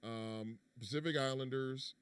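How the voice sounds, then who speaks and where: A man in his fifties co-hosting a comedy podcast, trading teasing jokes, then explaining things in a measured way. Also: mid-range voice, steady tone, clear, resonant tone, no echo. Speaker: podcast co-host. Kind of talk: casual comedy banter. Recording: dry, slightly distant mic.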